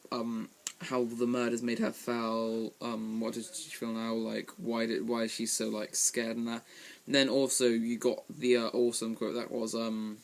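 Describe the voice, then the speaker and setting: A man's voice: mid-range voice, gravelly. A man giving a casual spoken film review from a room at home, rambling with lots of ums and restarts.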